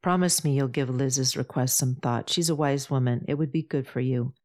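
A woman's voice: rumbling low, normal speed, darkish tone. A woman voicing a fatherly older man who speaks earnestly and coaxingly.

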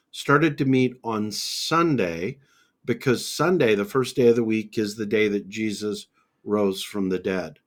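A man teaching on a Bible podcast, methodical and conversational, laying out points one by one with scripture references. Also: medium pitch.

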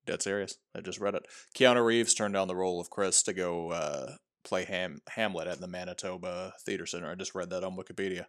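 Podcast co-host, man, animated, playful retelling, casual talk. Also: sits low, fairly quick, few pauses. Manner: animated storytelling, acts out quotes. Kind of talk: casual movie discussion.

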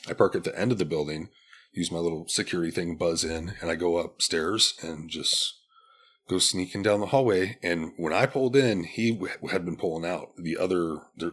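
A man's voice: sits low, breathy edge. A man in his forties, a podcast guest, telling a personal story in a candid, blunt and profane way, with many restarts. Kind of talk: casual storytelling.

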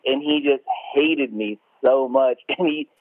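A man's voice: medium pitch, a little slow, no room sound. A man telling stories in casual chat, laid-back, swearing a lot and laughing as he talks. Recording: tinny phone-like line.

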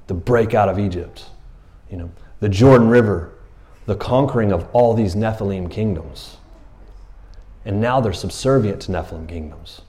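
Man, pastor, casual joking sermon, lowish voice, church. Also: warm tone. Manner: casual and joking, acts out Bible figures in raised voices.

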